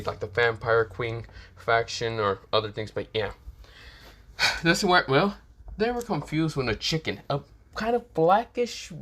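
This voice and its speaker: A man's voice: mid-range voice, fairly bright tone. A man rambling through an improvised fan-fiction retelling, full of fillers and restarts as he goes. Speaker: fan story narrator.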